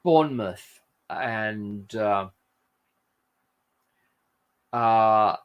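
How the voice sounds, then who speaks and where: A man's voice: on the low side, drawn-out words, long pauses, smooth. An Australian man hosting a casual livestream, reading viewer comments aloud and rambling in friendly chat.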